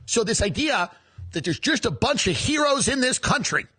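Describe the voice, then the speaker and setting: A man's voice: very high voice, sing-song, normal speed, sharp tone, slightly rough, no echo. A man delivering a sarcastic, profane comedic rant full of heated rhetorical questions.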